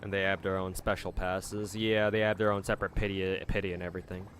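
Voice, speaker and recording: Low-voiced male streamer, rambling. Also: flat delivery, fast talker, a bit bright, slight background noise. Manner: rambling, with frequent fillers. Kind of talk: casual live-stream chat.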